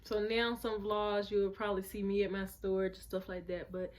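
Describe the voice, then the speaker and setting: A woman's voice: mid-range voice, flat delivery, normal speed, very noisy. A woman in her twenties telling her personal story in a vlog, chatty and earnest, talking straight to her viewers. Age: 20s. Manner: chatty, addresses viewers as y'all. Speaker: vlogger.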